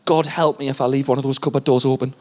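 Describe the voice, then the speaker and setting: A man's voice: medium pitch, level tone, fast talker, very noisy. A man, doing a stand-up set in an exasperated, ranting manner. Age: 30s. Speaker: stand-up comedian.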